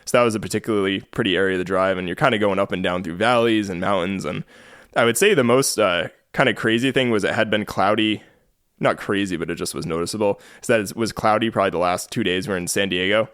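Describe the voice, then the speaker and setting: A man's voice: lowish voice, quick pace, a bit bright, no room sound, studio quality. A man hosting a podcast, casually telling a travel story and laughing often. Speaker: podcast host. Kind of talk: casual chat.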